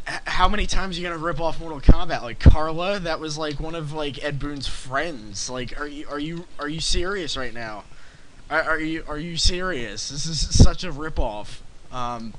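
A man's voice: a little high, fairly bright tone, a little hiss or hum, rough recording. Exasperated man doing a sarcastic rant. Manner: exasperated, sarcastic, repetitive ranting. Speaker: parody game reviewer. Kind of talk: satirical rant as an angry fanboy.

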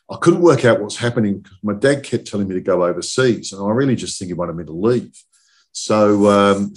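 Older man in his sixties, low voice; casual guest spinning loose, anecdotal stories. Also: darkish tone. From southern England. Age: 60s. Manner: rambling anecdotal storyteller, often checks in with "okay?". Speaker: guest, industry chief executive. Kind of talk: casual podcast chat.

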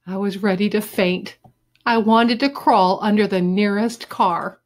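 A woman teacher reading a children's chapter book aloud with expressive storytelling. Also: medium pitch, a little slow.

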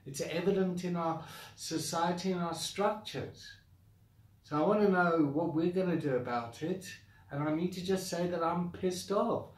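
A man's voice: sits high, moderate pace, roomy sound, recorded from a distance. Blunt, frustrated South African man. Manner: frustrated, blunt, repetitive venting with sighs. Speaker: founder of a coaching academy. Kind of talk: direct-to-camera rant.

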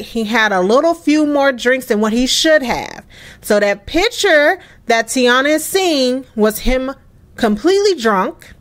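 A woman hosting a casual let's play, chatty and expressive, cursing and laughing at the game's drama. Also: high-pitched. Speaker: gaming channel host.

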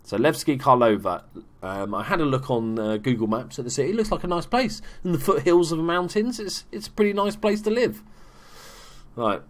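A young male gaming YouTuber with a high-leaning voice gives fairly quick, loose let's play commentary. He's chatty and makes fun of himself, swearing when he gets excited.

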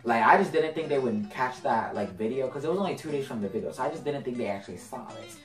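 A man's voice: mid-range voice, animated, quick pace, echoey room, far from the mic, faint music behind. Sassy, profane young man telling a story. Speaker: vlogger. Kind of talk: storytime vlog.

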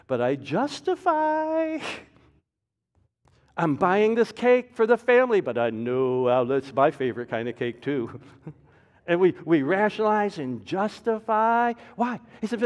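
A man preaching a sermon as pastor, with a dynamic delivery that swings from loud emphasis to soft, low asides. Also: lively intonation, a little slow. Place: church sanctuary. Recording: reverberant church hall.

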